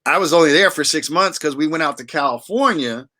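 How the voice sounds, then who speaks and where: Bright-voiced man rambling about his past. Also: a little high, brisk. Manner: rambling, many restarts and fillers. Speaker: wine auctioneer and guest. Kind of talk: casual interview chat.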